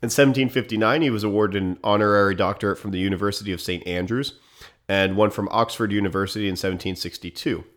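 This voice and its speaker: A man's voice: on the low side, fast, fairly bright tone. A man co-hosting a casual history podcast, reading out facts and then joking around. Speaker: podcast co-host.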